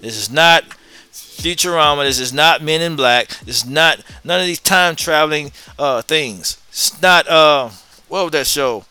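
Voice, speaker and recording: Guy ranting on his own channel, forceful and a bit high, says stuff again and again, casual slangy talk. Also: unhurried, clear, resonant tone, dry recording. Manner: emphatic and repetitive, hammering points home; casual and blunt, drops in slang. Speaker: host of his own commentary show. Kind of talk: opinion monologue to viewers.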